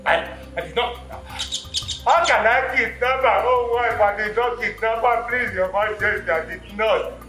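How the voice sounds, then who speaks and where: A desperate man pleading for mercy before a king. His voice sits very high and sounds bright. The sound is echoey, as if in a large room. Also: fairly even intonation, unhurried, faint music behind. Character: desperate accused husband begging a king.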